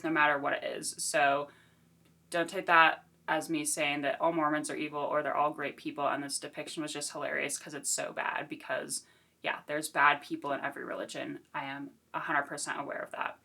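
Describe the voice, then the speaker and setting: A woman's voice: low-pitched, vocal fry, bright, forceful tone. A woman chatting casually through a book review, giggly and self-deprecating.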